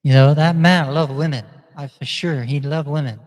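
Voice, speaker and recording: A man's voice: fairly high pitch, steady tone, normal speed, a little mellow. A man vlogging in a chatty, meandering way, often laughing as he talks. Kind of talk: casual rambling monologue. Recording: long echoing reverb.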